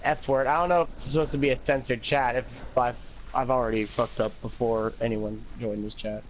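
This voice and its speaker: A man's voice: medium pitch, fairly even intonation, fairly quick, a little hiss or hum, rough recording. An American man hosting a gaming livestream, rambling in casual chat, laughing often and cursing freely. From United States. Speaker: livestream host.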